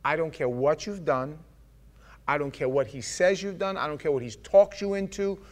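A man's voice: fairly high pitch, moderate pace. A man preaching a sermon, joking and acting out the scripture with voices. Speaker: pastor.

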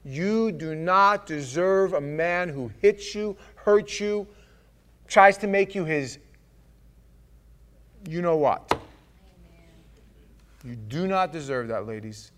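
A man's voice: fairly high pitch, takes it slowly, long pauses, a bit bright. A man preaching a sermon, joking and acting out the scripture with voices. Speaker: pastor.

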